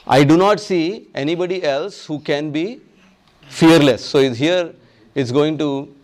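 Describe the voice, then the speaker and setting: A man giving a devotional class on scripture, emphatic and repetitive, who acts out the people he quotes and chants verses slowly. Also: on the high side, darkish tone. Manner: emphatic, repeats phrases, acts out quoted speakers.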